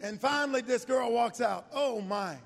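A man in his sixties preaching a sermon, telling a personal story in a folksy, animated way. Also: extremely high pitch, moderate pace. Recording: echoey hall reverb.

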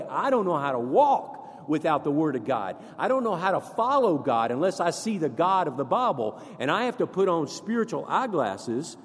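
A man preaching a sermon, animated and expressive, leading his congregation to repeat scripture back with him. His voice sits a little high and carries a husky edge. The sound rings with a long reverb, as if in a large church sanctuary. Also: moderate pace, hardly any pauses. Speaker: pastor.

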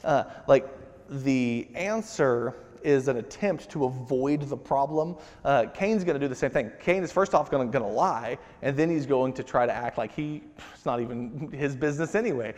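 A man's voice: medium pitch, moderate pace, a little mellow. Man preaching in an echoing hall. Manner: conversational, with many fillers and restarts. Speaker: pastor. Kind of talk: sermon. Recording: long hall reverb.

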